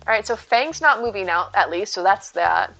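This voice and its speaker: A woman's voice: medium pitch, animated, moderate pace, bright, forceful tone, lo-fi sound, soft background music. A woman streamer chatting casually with her viewers while playing, talking sweetly about her cat. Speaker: live streamer. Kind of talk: casual live-stream chat while gaming.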